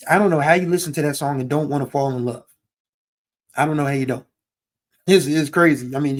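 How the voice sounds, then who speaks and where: A man hosts a casual music podcast in a slightly high voice. He talks in a heartfelt, rambling way, circling back on his thoughts and now and then singing a line of a song. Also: a little mellow. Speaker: podcast host.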